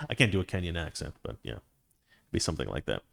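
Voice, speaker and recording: A man's voice: deep voice, big pitch swings, fast talker, vocal fry. A man hosting a casual live-stream Q&A, reading viewer comments aloud and answering in a conversational way, with frequent restarts and fillers.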